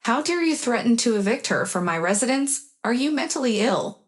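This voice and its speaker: A woman's voice: fairly high pitch, expressive, fairly quick, lightly acted. A woman voicing a fierce, protective mother who speaks in an accusing, cutting way.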